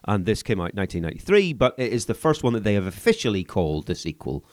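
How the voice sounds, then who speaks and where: A man from England co-hosting a casual podcast, filling in background with a dry wit. His voice is lowish but swings widely in pitch. He speaks in a relaxed, conversational way. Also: quick pace. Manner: explanatory, dry-witted. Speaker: podcast co-host.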